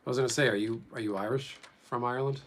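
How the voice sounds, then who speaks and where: A man's voice: mid-range voice, steady tone, racing, slight background noise. Rambling male live streamer. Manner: rambling, chatting with viewers. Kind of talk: casual live stream chat.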